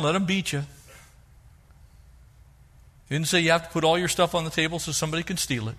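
A middle-aged male pastor preaching a sermon, animated, acting out the voices he quotes. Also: on the high side.

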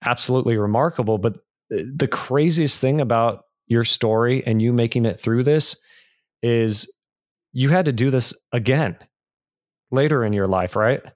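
A man's voice: medium pitch, normal speed, no room sound, studio quality. A man hosting a podcast, encouraging his guest and stumbling a little as he puts his questions. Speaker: podcast host. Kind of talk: interviewing a guest.

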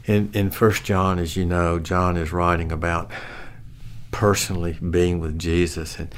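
An older man speaks in a low, deep voice at an unhurried pace. He shares a personal faith testimony in an earnest, reflective way. As he goes on, his voice turns soft and quiet. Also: little pitch movement. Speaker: funeral home worker.

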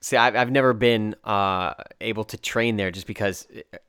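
American guy hosting a chat, smooth low voice, rambly and easygoing. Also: normal speed, no echo, studio quality. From United States. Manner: relaxed, rambling with fillers and restarts. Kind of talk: casual interview chat.

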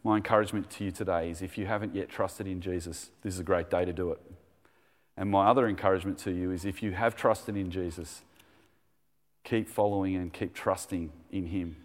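Man, preacher, lowish voice, conversational sermon, long hall reverb. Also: fairly even intonation, fairly quick. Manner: conversational, enthusiastic preaching with anecdotes.

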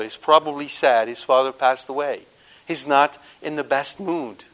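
With a medium-pitched voice at a normal pace, a Catholic preacher animatedly questions his live congregation. His delivery alternates between loud emphasis and hushed asides.

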